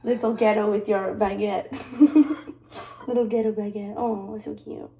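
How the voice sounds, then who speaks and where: A woman's voice: mid-range voice, steady tone, a little slow, mellow, reverberant, far from the mic, a little hiss or hum, rough recording. A woman from Detroit chatting casually in a vlog, playful and laughing often, with a mixed accent that partly sounds British. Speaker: vlogger. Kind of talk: casual chat while working.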